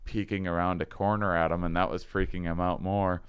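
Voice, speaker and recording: A man's voice: low-pitched, level tone, a little fast, clean tone. A man telling a long story in casual conversation, acting out quoted lines and laughing often. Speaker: podcast guest.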